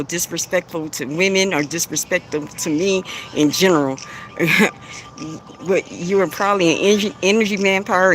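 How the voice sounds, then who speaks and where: A man's voice: sits high, a bit bright, slight background noise. A man hosting a live stream with speech, bluntly taunting commenters, laughing often and repeating himself. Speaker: live stream host giving spiritual readings. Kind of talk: casual live-stream talk addressing commenters.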